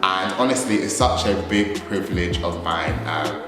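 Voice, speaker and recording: A man in his twenties, a church leader, telling his story in an animated way, acting out his own reactions. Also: low voice, moderate pace. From England. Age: 20s. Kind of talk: storytelling vlog. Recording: very echoey hall with music behind.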